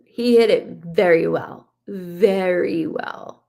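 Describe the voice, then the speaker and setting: Woman medium on a live stream, gravelly edge, halting and gentle, passes on messages in first person. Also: medium pitch. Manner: relays a spirit's words in first person; soft, halting, full of restarts. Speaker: psychic medium.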